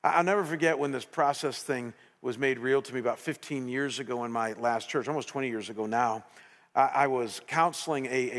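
Middle-aged man, pastor, sermon, storytelling, animated restarts, long hall reverb, mid pitch. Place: church sanctuary.

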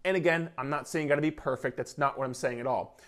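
Motivating viewers to lose weight, a fitness coach speaks to camera with emphatic repetition, a casual tone, and the odd swear. His mid-range voice is a bit bright and quick.

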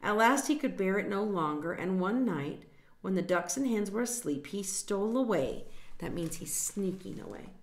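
Lady reading a kids' story out loud, explains stuff, echoey room. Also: mid-range voice, animated, moderate pace. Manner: gentle, stops to explain words and point at pictures. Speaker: storytime reader. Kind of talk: reading a picture book aloud to children.

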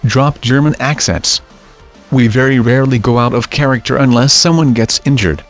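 Brief: male narrator for creepy internet stories, mid-pitched, steady delivery, dull lo-fi mix with faint music under it. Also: normal speed. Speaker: story narrator. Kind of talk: scripted narration of scary stories.

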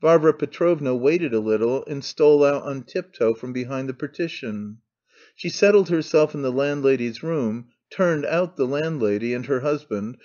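A man narrating an audiobook in a measured, even storytelling manner. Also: medium pitch, dull audio. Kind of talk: scripted narration.

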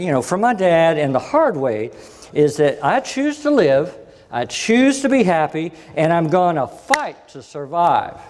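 Male guest speaker, animated storyteller, somewhat high voice, recorded in a big echoing hall. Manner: animated, acts out quoted voices. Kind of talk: storytelling lecture. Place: conference hall. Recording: long hall reverb.

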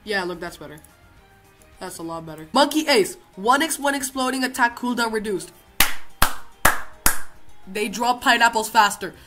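A young woman giving loud, excitable gameplay commentary, swearing now and then and reading out game text. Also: on the high side, normal speed, long pauses, over music. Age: young adult. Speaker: gaming video creator.

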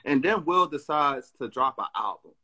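A man's voice: mid-range voice, expressive, moderate pace, pushed and bright, slightly rough. A man hosting a casual interview, encouraging his guest and steering the talk with questions. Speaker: podcast host.

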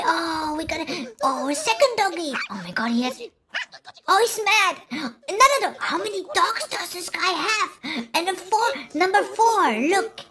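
A woman hosting a reaction video, excitable, gasping and laughing with constant exclamations over the clips. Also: very high-pitched, moderate pace. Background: clip sound and music playing.

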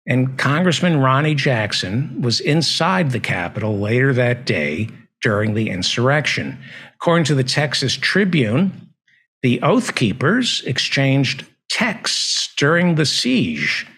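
A man hosting a satirical news show, delivering a sardonic monologue with deadpan ironic pauses. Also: medium pitch, slightly rough. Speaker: news comedy host.

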